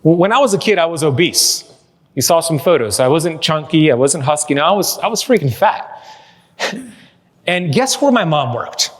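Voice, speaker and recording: A man's voice: a little high, moderate pace. A man giving a live keynote to an audience in a large hall, talking with energy and cracking jokes as he tells stories. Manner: energetic, joking storyteller. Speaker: keynote speaker. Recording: echoey hall reverb.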